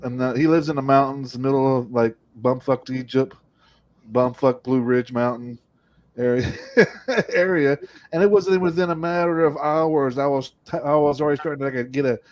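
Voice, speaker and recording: A man's voice: mid-range voice, a little mellow. A man hosting a podcast, chatting casually, joking around and swearing freely. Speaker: podcast host. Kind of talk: casual interview chat.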